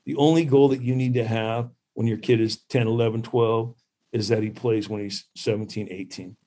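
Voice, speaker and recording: A man who played professional baseball, a guest telling lively stories about growing up competing with his brother. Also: normal speed. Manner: animated storyteller, mimics others in high voices. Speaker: podcast guest, former pro baseball player. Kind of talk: casual storytelling chat.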